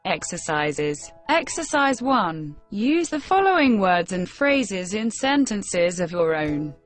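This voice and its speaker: Slow, careful woman reading a lesson. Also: medium pitch, very animated, faint music behind. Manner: measured, careful dictation pace. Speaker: English lesson reader. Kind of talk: slow textbook reading for learners.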